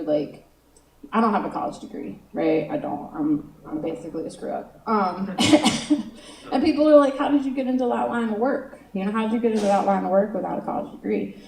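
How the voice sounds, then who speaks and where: A woman's voice: mid-range voice, creaky, a little mellow, a little hiss or hum. Chatty woman comic. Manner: chatty, self-mocking, many "you know" asides. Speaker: stand-up comedian. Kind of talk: stand-up comedy set. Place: comedy stage in a room. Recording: roomy sound from far off.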